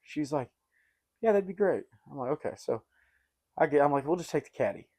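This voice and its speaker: A man's voice: fairly high pitch, brisk. Rambling young guy telling stories. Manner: rambling and animated, uses "dude" and "like" a lot. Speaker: podcast host. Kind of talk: casual storytelling chat.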